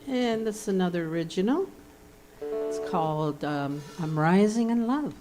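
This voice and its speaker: A woman's voice: on the low side, expressive, moderate pace, rough recording. A woman with a Southern accent introducing an original song with playful, laughing banter. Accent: Southern American. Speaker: singer. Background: guitar.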